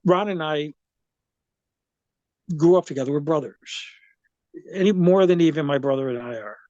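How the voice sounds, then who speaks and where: A man's voice: on the high side, normal speed, mellow, no echo, lo-fi sound. A man in his seventies, a guest in an interview, telling a personal story in a rambling way, full of restarts and fillers.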